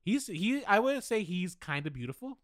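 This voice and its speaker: A man's voice: high voice, very animated, moderate pace, fairly bright tone, no echo, clean studio sound. A man co-hosting a podcast, giving candid, opinionated takes on films in a casual chat and owning up to his own bias. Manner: opinionated, candid, self-deprecating. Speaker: podcast co-host. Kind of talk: casual film discussion.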